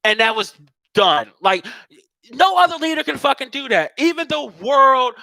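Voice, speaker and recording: A man rants casually, swearing freely and mocking people in put-on voices. His voice sits high and bright. The sound is dry and close, with no room echo. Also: moderate pace, gravelly. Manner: profane, animated, mocks others in put-on voices. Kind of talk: casual political rant.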